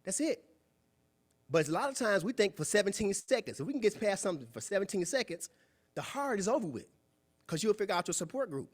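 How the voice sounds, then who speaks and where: A young man giving a preachy, animated motivational talk at a club meeting, acting out quoted voices. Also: high-pitched, fairly quick. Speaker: guest speaker. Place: meeting room.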